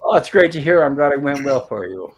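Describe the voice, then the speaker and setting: A man's voice: mid-range voice, big pitch swings, quick pace. A man hosting a live-streamed review show, greeting viewers and reading chat messages aloud in a friendly, rambling way. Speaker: podcast host.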